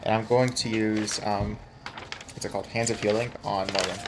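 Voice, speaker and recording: A player in a tabletop game, working through the rules and the dice out loud. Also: medium pitch, fairly even intonation, moderate pace, over music. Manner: methodical, checks the rules aloud.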